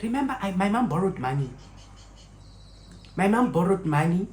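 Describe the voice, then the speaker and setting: A South African woman vlogger telling a story while she cooks in her home kitchen. She is an expressive storyteller who mixes in local phrases and talks directly to her viewers. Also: mid-range voice, moderate pace, roomy sound, slight background noise, poor audio.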